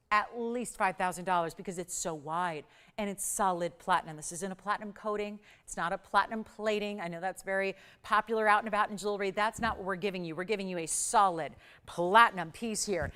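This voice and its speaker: In a TV studio, a woman hosts a live jewelry shopping show, pushing deals with urgent, upbeat sales patter and counting prices down. Her voice is medium in pitch and a bit bright.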